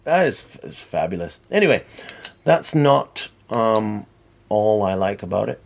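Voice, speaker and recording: A middle-aged man chatting as a podcast guest, rambling and tangential with animated storytelling. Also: lowish voice, a little slow, creaky. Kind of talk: casual chat.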